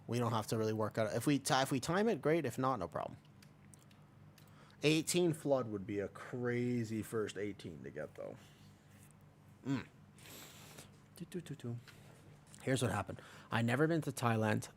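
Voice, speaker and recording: Young guy from America, gaming streamer, loose rambling banter with chat, voice mid-pitched and bouncy. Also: very animated, moderate pace, long pauses, a little hiss or hum. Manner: rambling and joking, answers chat. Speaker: livestreamer. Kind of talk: casual livestream chat while gaming.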